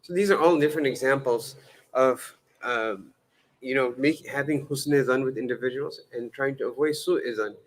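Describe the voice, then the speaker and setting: A man's voice: medium pitch, normal speed, low-quality recording. Conversational male Islamic lecturer. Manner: conversational and humorous, frequent fillers and self-corrections; acts out dialogue with changing voices. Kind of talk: lecture-style sermon.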